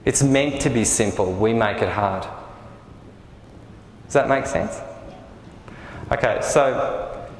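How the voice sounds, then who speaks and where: Male workshop teacher talking live to a group, gentle and checking in, recorded in a roomy space with a long reverb tail and faint hiss. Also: mid-range voice, slow, long pauses. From Australia. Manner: gentle, often asks the audience if it makes sense. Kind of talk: live talk to a small group.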